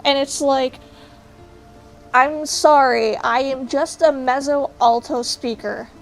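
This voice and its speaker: A woman's voice: high-pitched, steady tone, unhurried, a little mellow, soft background music. A young woman streaming, chatting casually and ranting bluntly with jokes to her chat. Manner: blunt, joking rants to chat.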